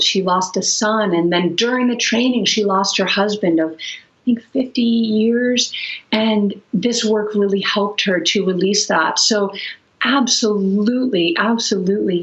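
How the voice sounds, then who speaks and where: A woman's voice: mid-range voice, muffled recording. A woman yoga and energy teacher talking earnestly and fluidly in a webinar, often restarting her phrases. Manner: earnest and flowing, with many restarts and soft fillers. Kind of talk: webinar talk.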